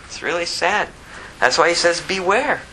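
A man preaching a conversational sermon, asking rhetorical questions and dropping low to act out quotes. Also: lively intonation, moderate pace, pushed and bright, a little hiss or hum, low-quality recording. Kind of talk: expository sermon.

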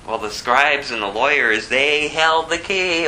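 A man's voice: fairly high pitch, lively intonation, a little slow, bright, forceful tone, a little hiss or hum, rough recording. A man giving an informal sermon as a Bible teacher, emphatic and conversational, repeating phrases for effect. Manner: conversational with asides.

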